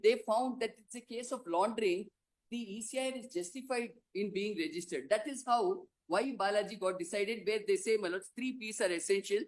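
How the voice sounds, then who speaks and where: An advocate making a formal courtroom argument, pressing rhetorical questions and repeatedly addressing the bench as "my lords". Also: medium pitch.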